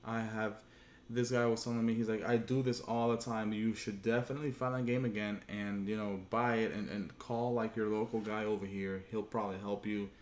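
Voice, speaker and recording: A man's voice: lowish voice, little pitch movement, a little fast, darkish tone. Frustrated man ranting, echoey room. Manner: frustrated, profane, rambling, acts out quoted dialogue. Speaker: gaming channel host. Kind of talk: casual storytelling rant. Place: home room, livestream.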